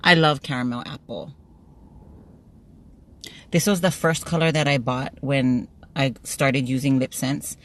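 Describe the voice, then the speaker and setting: A woman's voice: extremely low pitch, fairly even intonation, unhurried, long pauses. A middle-aged woman, chatting to her phone camera from a parked car. She laughs often and tells playful stories. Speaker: vlogger. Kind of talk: casual chat to camera.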